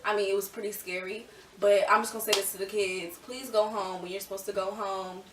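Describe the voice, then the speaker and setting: A young woman telling a storytime vlog in a chatty, animated way, full of fillers. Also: mid-range voice, brisk, background noise. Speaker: vlogger. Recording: echoey room, a little far from mic.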